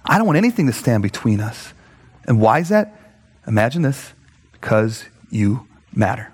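A man preaching a sermon with comic stories, animated and given to high mock voices when quoting people. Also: normal speed, husky, big-room sound. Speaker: pastor.

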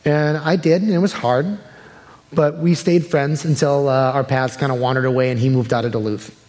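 A man's voice: medium pitch, steady tone, moderate pace, a little mellow, big-room sound. A young adult man preaching a sermon in a conversational way, acting out the people he quotes. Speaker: pastor.

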